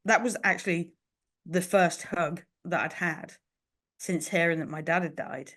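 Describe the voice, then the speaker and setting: A woman's voice: fairly low pitch, fairly even intonation, measured pace, a bit bright. A woman co-hosting a podcast, talking earnestly and reflectively in casual chat, with lots of "you know" fillers. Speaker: podcast co-host.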